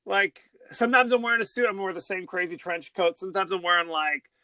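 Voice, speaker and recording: High, bright-voiced excitable man. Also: fast talker, dry recording. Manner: excitable, laughs often, exclaims. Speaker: podcast co-host. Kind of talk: casual chat.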